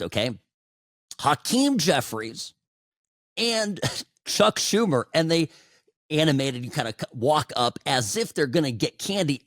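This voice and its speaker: A man in his forties delivers opinionated political commentary with a lively pitch that swings up and down. His tone is sarcastic and conversational, and he often breaks off into asides. The sound is dry and close. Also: no room sound. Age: 40s. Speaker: political talk show host.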